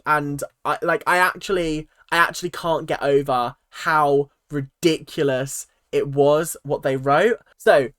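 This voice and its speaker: A vlogger talks through a reality show in a loose, opinionated way, trailing into fillers and restarting sentences. Quoted lines come out in put-on mock voices. The sound is dry and close, with no room echo. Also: mid-range voice. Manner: chatty with frequent fillers and restarts. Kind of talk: casual opinionated commentary.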